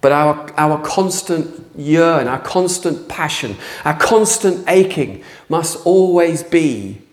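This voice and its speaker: A man preaching a sermon to a church congregation, passionate and earnest, sometimes rising to near shouting. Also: fairly high pitch, expressive, slow, hardly any pauses. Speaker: pastor. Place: church hall.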